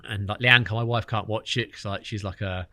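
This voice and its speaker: A man's voice: fairly low pitch, fairly even intonation, moderate pace, bright, forceful tone, dry recording. A man in his thirties, a podcast guest, chatting casually and telling stories full of fillers. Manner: chatty storyteller, lots of fillers. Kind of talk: casual chat.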